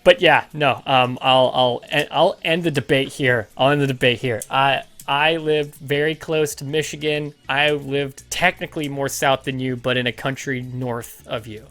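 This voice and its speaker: A man from Ontario, co-hosting a casual podcast chat, joking and mock-exasperated and tripping over his words when excited. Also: mid-range voice, normal speed, hardly any pauses, soft background music. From Ontario, Canada. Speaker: podcast co-host.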